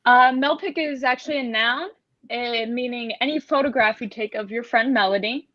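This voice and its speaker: A woman playing a comedy game show, giving a deadpan improvised answer after a hesitant start. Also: on the high side, moderate pace, lo-fi sound.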